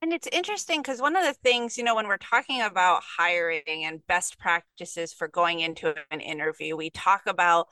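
Woman attorney host, bright crisp voice, dry close sound, thoughtful questioner. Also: lowish voice, normal speed, few pauses, no room sound, rough recording. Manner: thoughtful, posing long hypothetical questions. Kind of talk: conversational interview.

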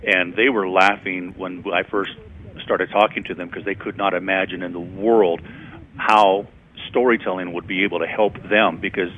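Deep-voiced man on a tinny line. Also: fairly even intonation, moderate pace. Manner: conversational storyteller, acts out quotes. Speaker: guest speaker on storytelling. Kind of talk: radio interview, anecdotal explaining. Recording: tinny phone-like radio sound.

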